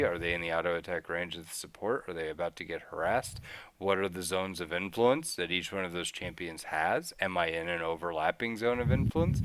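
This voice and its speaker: Podcast host guy, lowish voice but bright and super clear, gets really animated. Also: no room sound. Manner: animated, acts out his own thoughts in quick voices. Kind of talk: casual gaming podcast chat.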